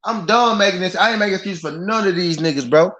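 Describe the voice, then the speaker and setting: A man's voice: high voice, quick pace, bright, forceful tone. A man hosting a live boxing talk stream, ranting in a heated, profane way and repeating himself for emphasis. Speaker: boxing podcast host. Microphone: live-stream mic.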